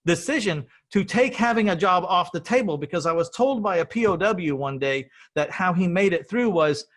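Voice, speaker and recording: A man's voice: sits high, lively intonation, normal speed, fairly bright tone. A middle-aged man hosting an interview, telling his story in a rambling, earnest way and often repeating words. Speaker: podcast host.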